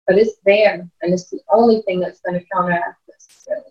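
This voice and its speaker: A woman, a mother and life coach, telling stories in an interview, animated and often laughing as she acts out what others said. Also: on the low side, fairly quick. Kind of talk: storytelling interview chat. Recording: roomy, distant, dull lo-fi sound.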